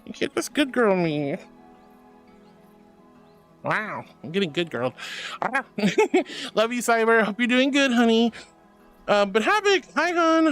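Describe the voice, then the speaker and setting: An affectionate woman streamer chats casually and reads out her live chat, calling viewers sweetie and honey. Her bubbly voice is lively and jumps up and down in pitch. Soft music plays faintly underneath.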